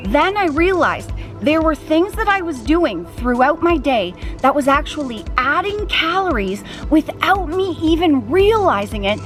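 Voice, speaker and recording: A woman's voice: high-pitched, fairly bright tone. A woman vlogger talking casually to the camera outdoors in a backyard, explaining her diet mistakes step by step. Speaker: weight loss vlogger.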